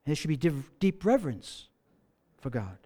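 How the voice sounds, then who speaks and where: A man's voice: a little high, very animated, normal speed, dark tone. A man preaching a sermon as pastor, in a conversational way, asking the congregation rhetorical questions and repeating his key phrases.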